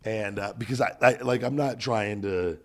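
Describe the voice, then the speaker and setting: A man's voice: lowish voice, normal speed. Profane man telling gym stories. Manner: profane, animated storytelling. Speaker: podcast host. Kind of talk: casual podcast chat.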